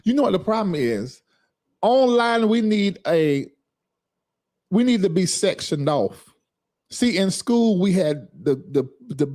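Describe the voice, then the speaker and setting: With a slightly high, warm voice, the man hosting the livestream chats casually. Reading viewer comments out loud, he turns sassy and scolds a commenter, drawling as he goes.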